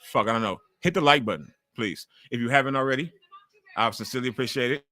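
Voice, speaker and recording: Host type: man in his forties, loud and chatty, bright, forceful tone, swears freely while reacting to wrestling live. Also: mid-range voice, fast, dry recording, soft background music. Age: 40s. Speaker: livestream host. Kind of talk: casual live wrestling watch-along commentary.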